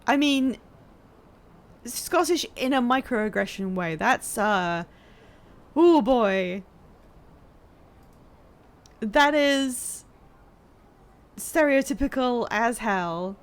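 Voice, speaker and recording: This woman's fairly high voice is expressive, stretching out words and leaving long pauses. She streams a video game live, bantering and joking with her chat as she plays in a casual style.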